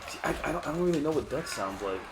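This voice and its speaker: A man's voice: fairly high pitch, animated, racing, heavy background noise. A man hosting a let's play, talking casually and rambling through co-op gameplay commentary with the odd swear. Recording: echoey room, faint game music.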